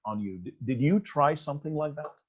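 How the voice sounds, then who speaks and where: A man hosting an interview, asking long questions with many pauses and fillers. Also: on the high side, expressive. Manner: hesitant, many fillers, long lists of terms. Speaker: interview host. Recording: dull lo-fi audio.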